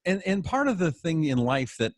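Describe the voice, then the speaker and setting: A man's voice: a little high, very animated, moderate pace, no room sound. A man interviewing a podcast host, asking prompting questions and teasing him. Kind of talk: casual podcast conversation.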